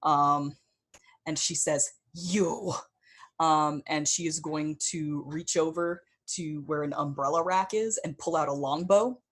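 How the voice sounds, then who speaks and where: A woman narrating a tabletop game as game master, relaxed and full of small ums. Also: sits low, a little slow.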